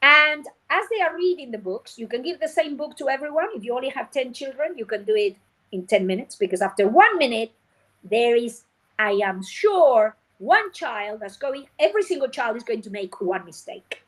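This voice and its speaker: A woman phonics teacher trainer, a guest on a show, explaining her methods in a lively way and acting out classroom scenes. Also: a little high, moderate pace, rough recording. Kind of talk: animated teaching talk.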